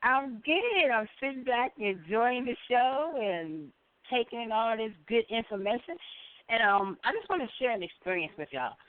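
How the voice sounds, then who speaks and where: A middle-aged woman calling in to a show, telling a story with lively acted-out quotes. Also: on the high side, moderate pace, dry recording. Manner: animated storyteller, acts out quoted voices. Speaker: caller. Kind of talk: call-in storytelling. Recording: phone line.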